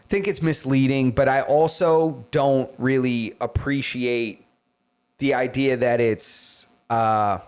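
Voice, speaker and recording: A man co-hosting a casual podcast, chatting loosely and slipping into silly voices for jokes. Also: mid-range voice. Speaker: podcast co-host.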